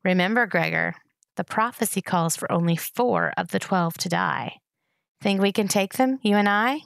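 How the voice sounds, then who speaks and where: A woman's voice: mid-range voice, normal speed, creaky, no room sound, studio quality, close to an everyday voice. A woman reading aloud voices a sly, wry male rat in a storybook, mocking in tone.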